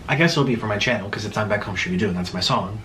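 A man's voice: lowish voice, very fast, sharp tone, a little hiss or hum. A young man hosting an eating video, chatting and rambling casually with his mouth full. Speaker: mukbang host. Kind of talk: casual chat while eating.

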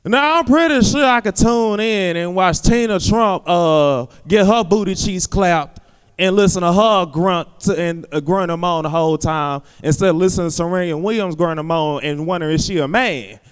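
A man with a high, smooth voice working a stand-up set on a theater stage. He rambles loosely, packing his lines with fillers. The crowd laughs now and then behind him. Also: normal speed, big-room sound. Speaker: stand-up comedian. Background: audience laughter.

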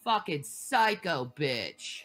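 A woman's voice: sits low, very animated, slow pace, a bit bright, soft background music. An enraged woman streamer in a furious, profane tirade, stammering as she repeats herself. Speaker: livestreamer. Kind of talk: angry livestream rant.

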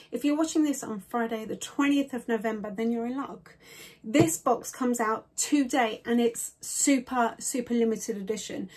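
A woman's voice: fairly high pitch, darkish tone, slightly rough. A woman beauty vlogger hurrying through a chatty product review, out of breath and gushing with enthusiasm. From United Kingdom. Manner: bubbly, rushed and enthusiastic.

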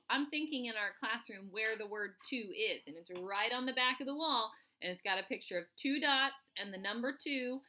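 A woman teaching first grade remotely, spelling sight words out slowly, letter by letter, to children. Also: on the high side, pushed and bright. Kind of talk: remote phonics lesson for children.

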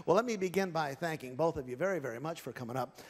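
A man's voice: a little high, quick pace, long reverb tail. A male ventriloquist on a large theatre stage, doing genial live comedy patter and teasing audience volunteers.

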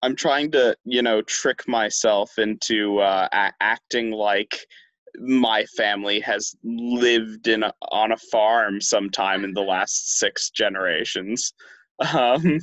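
A young man co-hosting a podcast in casual chat, talking in a slow, halting way with many restarts. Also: fairly low pitch, steady tone, a bit bright, dry recording. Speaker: podcast co-host.

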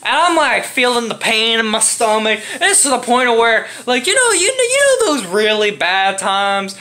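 A man's voice: very high voice, moderate pace. A young man telling an embarrassing story in a casual, profane, dramatic way. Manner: animated, profane, dramatic with acted-out grunts.

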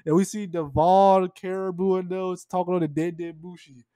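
A man's voice: high voice, little pitch movement, normal speed, dark tone, no room sound, studio quality. A man recapping and reacting to a comic chapter in a loose, slangy way, throwing in "man" and "bro" constantly. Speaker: manga chapter reviewer.

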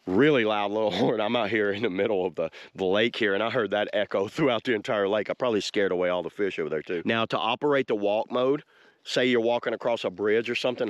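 A man giving a casual, folksy walkthrough of an e-bike outdoors by a lake, talking to viewers as y'all. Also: on the low side. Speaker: e-bike reviewer.

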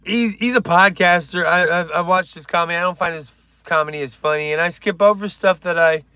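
A man's voice: high voice, fairly quick, bright, forceful tone, clean tone, no echo. A man doing casual stand-up on a live stream, rambling, swearing and joking with his viewers.

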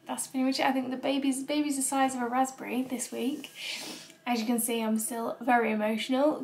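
Young woman from the uk, casual vlog, slightly high voice, candid and emotional, feeling sick. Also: darkish tone. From United Kingdom. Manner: chatty, emotional and candid, with frequent ums and little laughs. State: nauseous and unwell. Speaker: vlogger.

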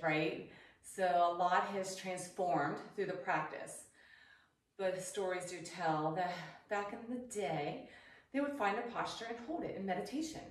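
A woman leading a yoga class, calmly cueing poses, counting holds and reminding the class to breathe. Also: medium pitch. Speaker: yoga instructor. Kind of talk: guided yoga class instruction. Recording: very echoey room, voice from a distance with faint noise.

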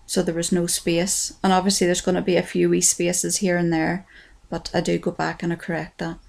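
Gravelly, flat-voiced Irish woman. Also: lowish voice, brisk. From Ireland. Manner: chatty and self-deprecating, says "wee" often. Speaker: craft tutorial creator. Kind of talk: casual tutorial voice-over.

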